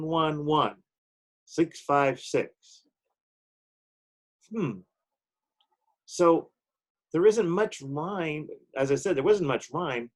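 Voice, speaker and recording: A man's voice: a little high, a little mellow, low-quality recording. A man teaching a recorded poetry lesson, explaining step by step and checking in often with "okay?".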